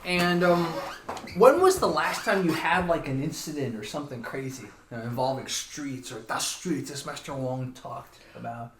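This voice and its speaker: A man's voice: medium pitch, moderate pace, roomy sound. A man hosting a casual chat, asking questions and giving short replies. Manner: asks questions, short backchannels. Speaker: host.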